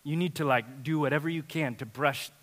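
A man voicing a stern male dentist who lectures parents in a low, flat tone, in a reverberant hall. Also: brisk, slight background noise, natural voice. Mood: lecturing.

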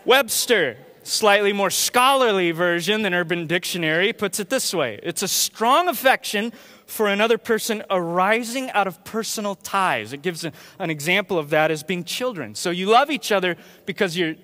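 A man preaching a sermon to his church in a conversational, storytelling way, getting animated when he imitates others. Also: high-pitched, normal speed, long reverb tail. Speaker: pastor. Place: church sanctuary.

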